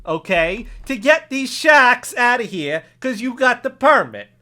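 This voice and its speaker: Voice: mid-range voice, big pitch swings, a little slow, bright, forceful tone. Someone playing a flustered Texas cop. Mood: defensive. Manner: rambling, defensive, stammering. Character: flustered small-town male cop. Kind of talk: improv comedy sketch.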